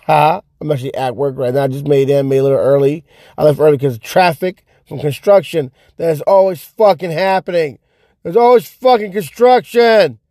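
A man's voice: a little high, normal speed, dark tone, no echo, clean studio sound. A young man rants casually to the camera in profane, rambling speech, repeating himself, sitting in a car. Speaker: vlogger.

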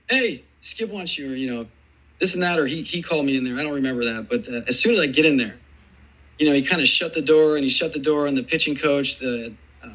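A man in his forties, a former baseball player, telling rambling, animated stories in a casual interview. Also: mid-range voice, highs cut off. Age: 40s. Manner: rambling, animated storytelling full of "dude" and "man".

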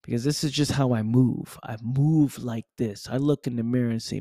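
A man's voice: mid-range voice, steady tone, moderate pace, hardly any pauses, warm tone, no room sound, clean studio sound. A man giving an emphatic motivational monologue, repeating himself and dropping "right?" and "man" asides. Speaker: motivational speaker.

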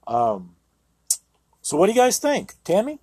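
A man with a high-pitched, darkish voice speaks unhurriedly with huge swings in pitch, recorded without echo. He hosts a Christian radio program and teaches the Bible, reading scripture aloud and then commenting on it in sermon style. His delivery is earnest and emphatic, and he says "you know" a lot.

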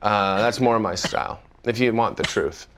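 A man's voice: lowish voice, moderate pace, slight background noise. A Canadian man with a Canadian accent, a comedian guest chatting casually, rambling and self-mocking with frequent laughs. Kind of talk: casual podcast chat.

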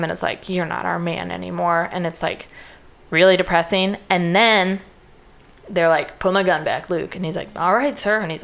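Woman, casual chat, slightly low voice, lots of "like", acts out quotes. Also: fairly bright tone. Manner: chatty, uses lots of "like", acts out quoted lines. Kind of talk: casual retelling of a film plot.

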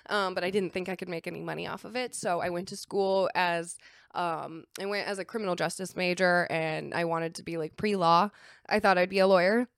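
A woman's voice: fairly low pitch, steady tone, brisk, vocal fry, dry recording. Chatty young woman, dry close sound. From California. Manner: chatty, filler-heavy, laughing. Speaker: podcast guest, producer. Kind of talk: casual podcast chat.

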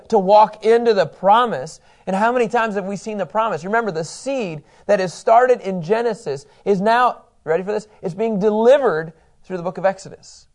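A man teaching a Bible study in a conversational, enthusiastic way, acting out quotes. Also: high-pitched.

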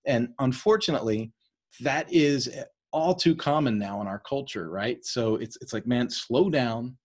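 East Coast-raised male study leader, husky voice, rapid and conversational. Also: mid-range voice. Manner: fast-talking, keeps checking in with "right?". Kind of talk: casual teaching on a leadership book.

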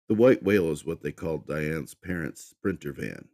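A man narrating a horror story for a podcast with an expressive reading. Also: rumbling low, moderate pace.

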